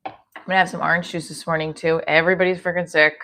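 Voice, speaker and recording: Speaking fast in a low, sharp-toned voice with little pitch movement, a New Jersey comedian in her 40s chats on a livestream from her home kitchen. She responds aloud to comments, and there's a little hiss or hum in the audio.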